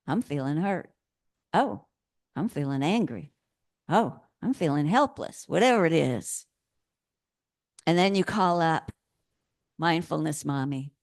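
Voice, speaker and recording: A woman minister giving a sermon in a gentle, playful way, laughing often. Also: deep voice, no room sound, studio quality.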